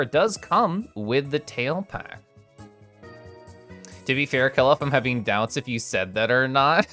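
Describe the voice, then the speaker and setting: A young adult livestreamer chatting casually and playfully while showing fan art, excitable, swearing now and then and making little growly noises. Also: medium pitch.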